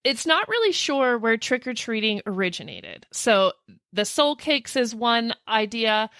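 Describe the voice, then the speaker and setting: Recorded dry with studio quality, this woman speaks in a slightly high voice at an unhurried pace. As a podcast co-host she relates spooky history in a lively, casual style, laughing often and tossing in jokey asides.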